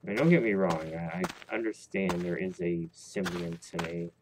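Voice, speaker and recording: A man's voice: sits low, moderate pace. A man hosting a let's play, giving casual gameplay commentary in a rambling, jokey, self-mocking way. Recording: loud background noise.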